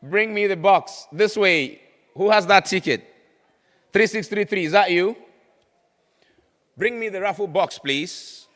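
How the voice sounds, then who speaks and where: A man's voice: sits high, unhurried, long pauses, fairly bright tone. A Nigerian man hosting a raffle draw at an event, teasing winners and chanting ticket numbers over and over. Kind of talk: playful event emcee. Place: conference hall. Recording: echoey hall with long reverb.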